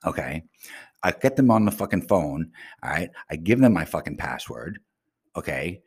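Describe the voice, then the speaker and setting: A man's voice: deep voice, big pitch swings, moderate pace, husky. A man ranting furiously to his viewers in a casual vlog, swearing nonstop and flaring into angry outbursts. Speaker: vlogger.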